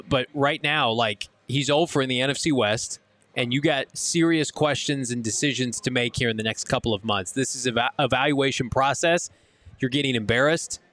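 A man's voice: medium pitch, fairly bright tone, dry recording. A man hosting a live postgame sports talk show, delivering an emphatic, ranting critique at a casino watch party.

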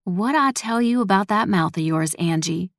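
A woman reading a story, voicing a tired, sharp-tongued old grandmother who drawls and grumbles sarcastically. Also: medium pitch, expressive, normal speed, gravelly, no room sound, studio quality. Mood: scolding. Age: older. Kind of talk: storybook character voice.

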